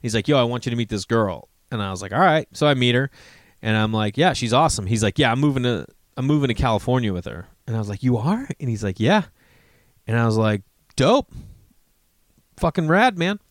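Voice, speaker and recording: An American man in his forties tells a long personal story in a loose, rambling way, swearing often. He jumps into quick bits of dialogue as he goes. His voice is mid-pitched and sounds dry and close, with no room echo. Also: animated. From United States. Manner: rambling, profane, acts out quoted dialogue. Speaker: comedian.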